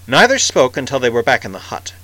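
Male narrator, scripted audiobook reading, measured and vivid, bright tone. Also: mid-range voice, sing-song, rough recording.

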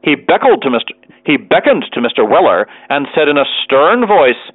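A man narrating a classic story in an expressive reading style, doing animated character voices. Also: a little high, normal speed, no room sound. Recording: tinny dry radio broadcast.

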